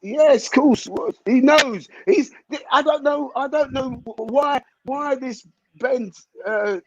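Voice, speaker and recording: A man's voice: extremely high pitch, slow, dull audio, noisy background. A man co-hosting a live fight watch-along, insistent and repeating his points. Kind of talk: excited live fight commentary chat.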